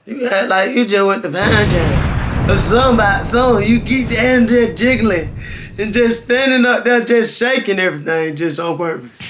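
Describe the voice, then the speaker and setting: High, bright-voiced excitable man. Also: normal speed, slight background noise. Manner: excitable, laughing, with sudden shouted exclamations. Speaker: host reacting to videos. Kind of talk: casual reaction commentary.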